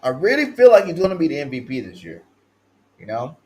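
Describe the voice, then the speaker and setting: A man from California hosting a sports talk stream, with a slightly higher-pitched voice. He is slangy and hyped, repeats catchphrases, and jumps between loud chanted lines and quiet mumbled asides. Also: wildly swooping pitch, a little fast, poor audio. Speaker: sports show host.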